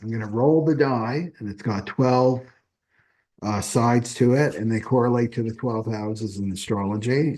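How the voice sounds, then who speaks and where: A man's voice: fairly low pitch, a little mellow. A man doing a casual live astrology reading, talking in a loose, repetitive way and often asking "right?". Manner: chatty, repeats himself, often asks "right?". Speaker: astrology reader.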